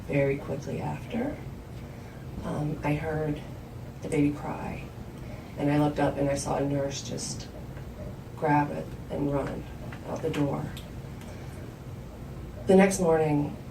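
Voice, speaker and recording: A woman's voice: vocal fry, background noise. Woman storyteller, from South Georgia, candid stage delivery, roomy hall sound, mic set far off. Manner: candid, conversational, acts out quoted lines in a higher voice. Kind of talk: live storytelling performance. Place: live storytelling show venue.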